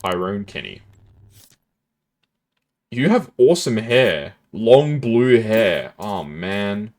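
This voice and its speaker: A man's voice: lowish voice, sing-song, slow, darkish tone. A man casually commentating his gameplay as a streamer, chatty and laughing often, with keyboard typing close to the mic.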